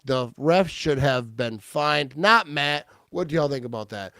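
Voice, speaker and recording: A man hosting a casual football talk show, his voice smooth and a touch high. He gets excitable, laughs often and restarts his sentences. The sound is dry and close. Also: measured pace, dry recording. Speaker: podcast host.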